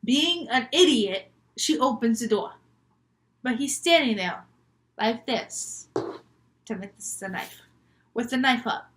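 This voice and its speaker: A woman's voice: a little high, expressive, measured pace, long pauses, a bit bright. A young woman vlogger telling made-up scary stories in a chatty, rambling, giggly way. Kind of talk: casual storytelling vlog.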